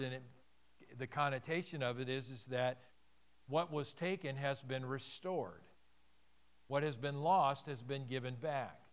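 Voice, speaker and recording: A man preaching a sermon earnestly, swelling louder and slowing down on the key phrases. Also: medium pitch. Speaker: pastor.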